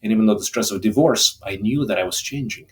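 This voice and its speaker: A man's voice: lowish voice, fast, slight background noise. A middle-aged man, a holistic doctor guesting on a podcast, talking in a reflective, emotional way with frequent restarts. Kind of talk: candid interview talk.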